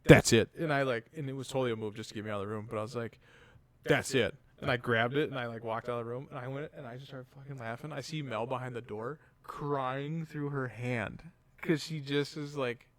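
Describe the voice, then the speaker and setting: A man in his thirties, co-hosting a podcast, speaks in a mid-range voice at a slightly quick pace with no room sound. In casual chat he tells a rambling family story, acting out the dialogue and swearing freely.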